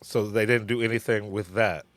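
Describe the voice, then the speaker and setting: A man's voice: on the low side, fairly even intonation, moderate pace, fairly bright tone, no room sound. A man co-hosting a casual podcast chat, answering with short, wry, laid-back remarks. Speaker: podcast co-host.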